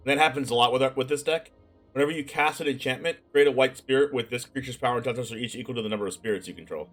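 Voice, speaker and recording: A man's voice: mid-range voice, very fast, faint music behind. Chatty man streaming a card-game deck build. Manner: chatty, reads card text aloud, thinks out loud. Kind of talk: casual live-stream commentary.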